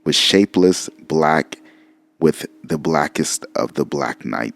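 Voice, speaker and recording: A man's voice: very deep voice, expressive, slow, creaky. A man giving a casual, profane lecture on old texts, reading passages aloud and musing bluntly as he goes. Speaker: occult lecturer.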